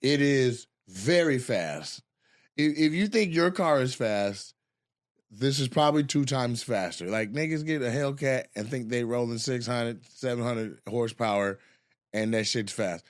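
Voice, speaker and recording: A man's voice: mid-range voice, measured pace, no echo, studio quality. A man hosting a casual podcast chat, a comedian who tells stories animatedly, swears freely and laughs a lot. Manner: animated storyteller, profane and laughing. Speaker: podcast host.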